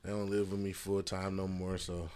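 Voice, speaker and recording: A man's voice: sits low, completely flat delivery, moderate pace, a little mellow. A man hosting a casual solo podcast from a messy room at home, rambling loosely with fillers and swearing. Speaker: podcast host. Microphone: podcast mic.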